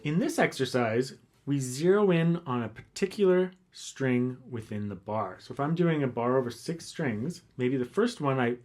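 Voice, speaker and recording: Man teaching guitar over soft playing. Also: mid-range voice. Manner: relaxed, counts beats aloud while playing. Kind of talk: demonstrating lesson. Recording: faint guitar playing behind.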